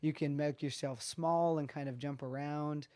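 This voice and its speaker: A guest speaker calmly explaining practical studio gear in a casual video call chat. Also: medium pitch, normal speed, heavy background noise. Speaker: guest expert. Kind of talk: casual tech advice chat.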